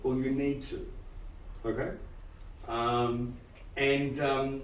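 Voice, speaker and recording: A man giving a live lecture to dentists, animated and quizzing the audience with frequent questions. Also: medium pitch, extremely slow, echoey room, far from the mic, rough recording. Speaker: dental lecturer.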